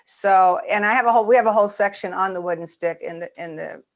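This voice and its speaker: A woman documentary filmmaker telling an animated story in a video-call interview. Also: fast talker. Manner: lively storyteller, voices raise high when acting out quotes.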